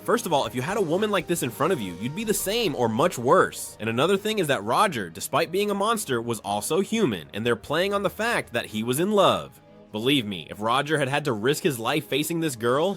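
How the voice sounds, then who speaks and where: Man, manga commentator, chapter recap, animated pitch, opinionated, dismissive of fan theories. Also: fairly quick, soft background music.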